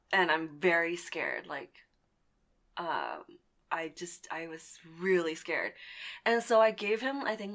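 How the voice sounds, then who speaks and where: A young woman in her twenties telling a personal story on a podcast in a casual, animated way, swearing now and then. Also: lowish voice. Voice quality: lively, animated retelling with swearing and laughs. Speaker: podcast guest.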